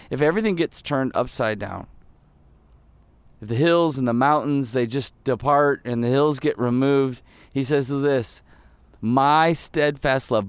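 A man preaching a sermon in an earnest voice that drops soft and low, then rises with emphasis. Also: smooth, dry recording. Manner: earnest, swings between soft intimate lows and rising emphatic peaks. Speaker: pastor.

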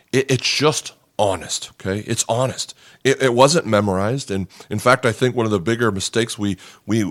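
A man's voice: medium pitch, fairly bright tone, no echo. Earnest male pastor preaching, dry sound. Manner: earnest and conversational, repeats words, often asks "okay?". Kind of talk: sermon. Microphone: podcast microphone.

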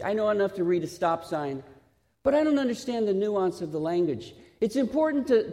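A man preaching a sermon, originally from Texas, asking the listeners questions and slowing down to stress his points. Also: very high-pitched, a little mellow. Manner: questioning, emphatic, slows for stress. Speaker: pastor. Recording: reverberant hall.

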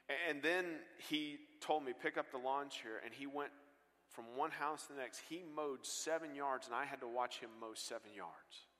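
A man preaching a sermon and telling stories with earnest swings between loud bursts and hushed lines, on a stage mic in a large church. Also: medium pitch. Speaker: guest pastor. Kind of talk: sermon storytelling. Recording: long hall reverb.

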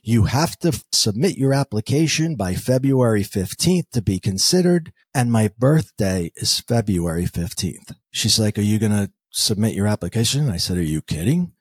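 Husky man telling a lively story. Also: on the low side, moderate pace, few pauses, no room sound. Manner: animated storyteller acting out quoted dialogue. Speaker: podcast guest. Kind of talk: storytelling interview talk.

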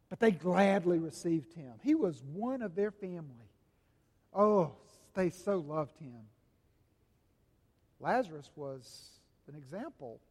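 A man preaching a sermon as pastor, dramatic and swinging from booming to hushed. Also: in a large hall.

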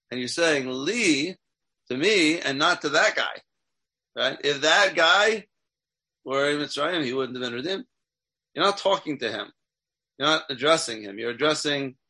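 A man's voice: mid-range voice, sharp tone, breathy edge. A man teaching a text class as a rabbi, asking his students questions and checking in with them often. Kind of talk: interactive Torah class.

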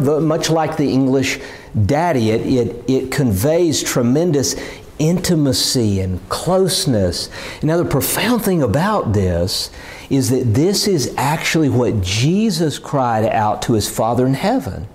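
A man's voice: medium pitch, a little mellow. A man preaching a sermon in an earnest, emphatic way, often repeating words as he builds a point.

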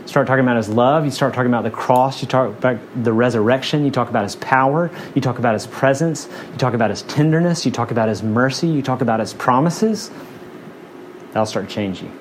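A man's voice: medium pitch, brisk, a little hiss or hum. A man preaching a sermon in an earnest, conversational way, building through repeated phrases. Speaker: pastor.

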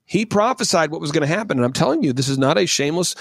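A man with a high, swooping voice makes his case as a talk-show guest. He sounds emphatic and preachy, tumbling over repeated words. His voice is close and dry, with no room sound. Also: lively intonation, racing, vocal fry, slightly rough, dry recording. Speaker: guest commentator. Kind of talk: animated talk-show commentary.

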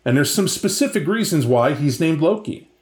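A man's voice: on the high side, lively intonation, normal speed, a little mellow. A man hosting a podcast, casually and animatedly retelling a tabletop game session he ran, with many asides. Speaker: podcast host and game master. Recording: echoey room.

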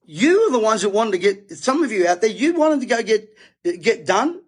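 A man's voice: high voice, very animated, normal speed, breathy edge. A middle-aged Australian man hosting, delivering a fired-up, emphatic, preachy monologue to his audience. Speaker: host. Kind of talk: impassioned monologue to camera.

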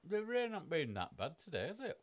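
A man's voice: a little high, huge pitch swings, fairly quick. A man, co-hosting a podcast in casual chat, blunt and teasing, swearing freely. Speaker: podcast co-host.

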